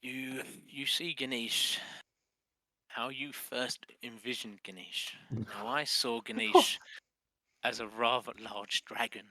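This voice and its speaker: A man's voice: mid-range voice, fairly even intonation, slow, pushed and bright, dry recording. A man with an English accent running a tabletop game as dungeon master, stammering through restarts and chuckling as he narrates.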